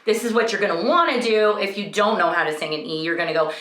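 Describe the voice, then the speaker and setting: A young woman vocal coach teaching a singing lesson, explaining clearly and breaking into sung vowel demonstrations. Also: mid-range voice, fast talker, fairly bright tone, reverberant.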